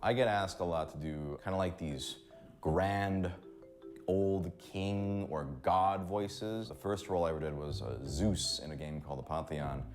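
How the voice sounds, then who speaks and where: A man's voice: low-pitched, measured pace, faint music behind. A man who is a voice actor, explaining in an interview how he makes character voices, and acting out bits of them as he goes. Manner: animated, demonstrates voices as he explains.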